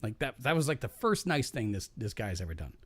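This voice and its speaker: A man spinning a rambling, profane work anecdote in a casual podcast chat. His pitch swings widely from low grumbles to sudden high bursts, and his voice sits close and dry on the mic with no room sound. He restarts his sentences often and laughs at his own punchlines. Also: very animated, a little fast, fairly bright tone, husky, dry recording.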